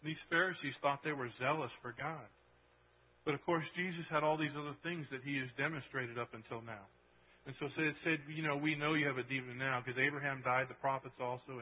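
Conversational pastor preaching, tinny phone-like sound. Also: male voice, medium pitch. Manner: conversational, keeps asking "right?" and laughing; swings from loud to hushed for emphasis. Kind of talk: sermon.

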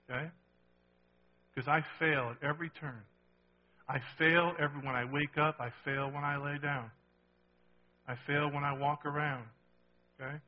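Animated man preaching a sermon. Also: a little high, normal speed, lo-fi sound. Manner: animated, conversational preaching with rhetorical questions. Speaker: pastor.

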